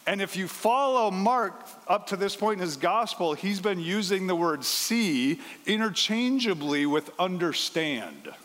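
A pastor preaching a conversational sermon, walking through a scripture passage and briefly acting out the voices in it. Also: male voice, high voice, big pitch swings, measured pace, few pauses, fairly bright tone. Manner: conversational, acts out the quoted lines. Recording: long hall reverb.

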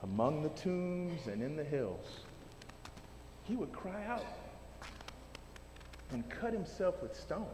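A man preaching a sermon in a casual, animated way, using everyday slang as he explains scripture. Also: on the high side, slow, pauses often, big-room sound, noisy background.

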